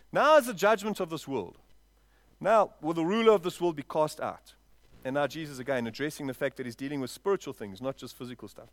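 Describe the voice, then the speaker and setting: A man with a high voice preaches a sermon, dry and close with little room sound. He swings from loud, drawn-out lines down to quiet asides. He keeps turning to his congregation with questions. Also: no room sound. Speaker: pastor. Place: church, before a congregation.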